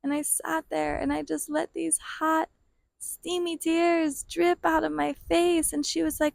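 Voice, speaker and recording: A woman telling a deeply personal story in a slow, earnest, heartfelt way, breaking into soft laughs now and then. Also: flat delivery, vocal fry, no room sound. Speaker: vlogger sharing a personal story.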